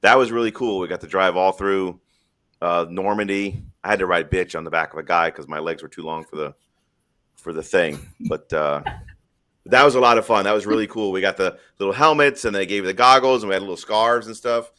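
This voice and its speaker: A man's voice: deep voice, brisk, sharp tone. A man hosting a live stream in casual chat, rambling through stories in a blunt, profane way.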